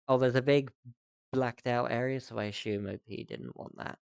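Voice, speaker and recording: A man reads posts aloud and comments on them in a casual, sympathetic way, with wry remarks and offhand swearing. His voice is smooth and clean at an ordinary middle pitch. The recording is close and dry. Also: steady tone, moderate pace, no room sound. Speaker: streamer reading reddit posts.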